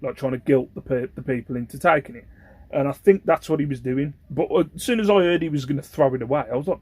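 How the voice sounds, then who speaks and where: A man's voice: mid-range voice, fast talker, a little mellow, husky, no echo. A young British man, the host, telling a story in a casual, rambling way and often asking if you know what he means. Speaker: host, online reseller.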